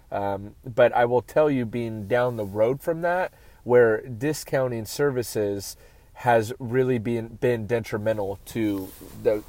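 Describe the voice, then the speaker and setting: A man with a mid-range voice talks through business tips in a relaxed, unscripted monologue. He often restarts his sentences and tags his points with a quick "right?" to keep the listener with him. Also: medium pitch, a little hiss or hum. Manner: conversational, keeps checking in with "right?", frequent restarts. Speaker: podcast host and auto detailer. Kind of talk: casual advice monologue.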